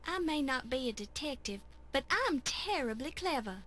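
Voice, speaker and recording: A woman's voice: high voice, lively intonation, moderate pace. An actress playing a confident, plucky young woman amateur detective in an adventure game. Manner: bright and confident. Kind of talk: 1990s adventure game voice acting.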